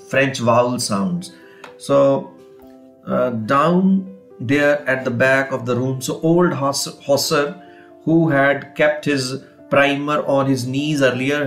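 A man's voice: medium pitch, a bit bright. A man explaining a textbook chapter to students, reading passages and then going over them, often saying "you see" and "kindly note down". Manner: slow, repeats and rephrases, fillers, "you see" and "kindly note down". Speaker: English teacher. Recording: faint guitar music behind.

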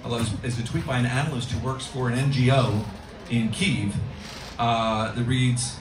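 A man's voice: mid-range voice, steady tone, normal speed. A middle-aged man doing a live stand-up set in a restaurant, rambling and self-deprecating with many ums and restarts. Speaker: stand-up comedian. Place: restaurant comedy room with a live audience. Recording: roomy room from far off, music behind.

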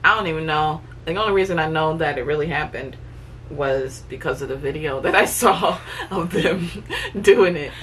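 A woman's voice: sits low, moderate pace, a bit bright, recorded from a distance, slight background noise. A young woman, a new mother, chatting casually and matter-of-factly, correcting her partner's details. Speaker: new mother, vlog co-host. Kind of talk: casual conversation.

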